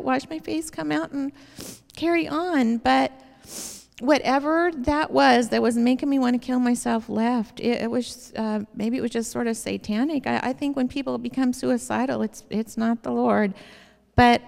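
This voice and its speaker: Woman, earnest rambling testimony speaker, somewhat high, gravelly voice, reverberant hall. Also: steady tone, normal speed, a little mellow. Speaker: speaker giving a personal testimony. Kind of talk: personal faith testimony to an audience.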